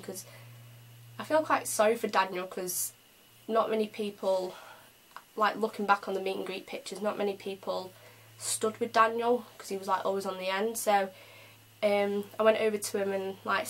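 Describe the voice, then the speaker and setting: Young female vlogger from England, chatty and excitable, narrow melody. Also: mid-range voice. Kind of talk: casual storytelling vlog.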